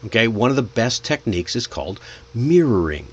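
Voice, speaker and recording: A man's voice: medium pitch, very animated, fairly quick, slightly rough, lo-fi sound. A man teaching English pronunciation as a native speaker. He explains with energy and encouragement and draws out the example words to demonstrate them. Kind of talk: teaching lesson.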